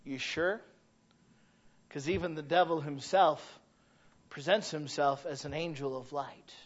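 A man preaching a sermon with passion. He tells stories along the way and sometimes builds to shouted emphasis. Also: on the high side, steady tone, a little slow, muffled recording. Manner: impassioned, rising to shouted emphasis; storytelling asides.

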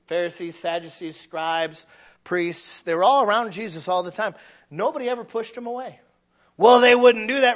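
A high-voiced man preaching a sermon, jumping from shouted, strained bursts down to soft, low asides. He acts out his listeners' excuses in exaggerated voices. The recording is dull and muffled. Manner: swings from loud shouting to quiet, low asides. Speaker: pastor.

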